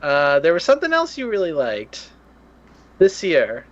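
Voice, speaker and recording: Giggly, lively man on a lo-fi mic. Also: on the high side, a little slow. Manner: playful, giggly, with toilet humor. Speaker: podcast co-host. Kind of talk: casual chat.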